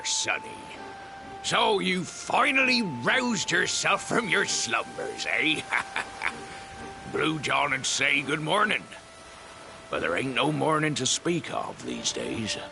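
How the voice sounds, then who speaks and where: An actor voicing a folksy, kindly old fisherman in a video game, with a gravelly, rustic way of speaking. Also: fairly high pitch, full character voice. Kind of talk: game voice acting. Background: game music.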